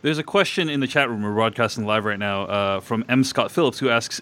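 A man hosting a live podcast, asking curious, measured questions. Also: mid-range voice, fairly bright tone. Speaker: podcast host.

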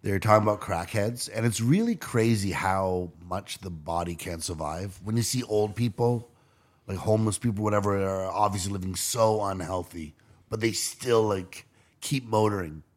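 Deep-voiced man in rambling chat. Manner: rambling, halting restarts. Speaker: podcast co-host. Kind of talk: casual chat.

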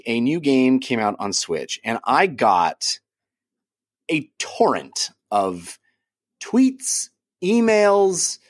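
A man hosting a gaming podcast, reading an ad and then talking about a game, enthusiastic and rambling with lots of fillers. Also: medium pitch. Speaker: podcast host. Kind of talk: casual talk and ad read.

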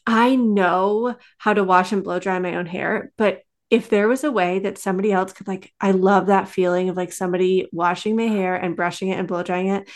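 A woman's voice: mid-range voice, steady tone, moderate pace, hardly any pauses. Earnest woman telling a parenting story. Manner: earnest, storytelling, many "like" fillers. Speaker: parenting guest. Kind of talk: casual podcast conversation.

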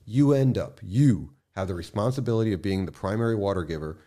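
Low-voiced impassioned man. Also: fairly quick. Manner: impassioned, swings from quiet to loud bursts; swears freely, addresses host as man. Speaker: podcast guest. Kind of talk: casual podcast conversation.

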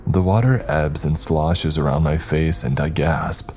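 A man's voice: very deep voice, unhurried, darkish tone, faint music behind. A man narrating a first-person horror story in a tense, dramatic manner.

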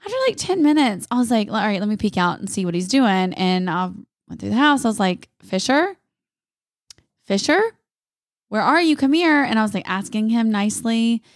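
A young woman, co-hosting a podcast in casual chat, telling a story with lively asides. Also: medium pitch, brisk, no room sound, clean studio sound. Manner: animated storytelling, acts out voices. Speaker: podcast co-host.

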